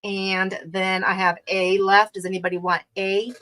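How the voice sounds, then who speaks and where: A woman's voice: mid-range voice, little pitch movement, normal speed, bright, forceful tone, poor audio. A middle-aged woman hosting a live online craft sale from her craft room, chatting casually, exclaiming over items and laughing often. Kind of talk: casual live-stream selling chat.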